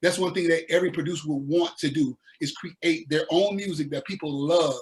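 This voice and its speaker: A man from the American South, a musician guest telling his story in a laid-back, animated way with slang. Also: fairly high pitch, fairly quick. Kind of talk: casual interview storytelling.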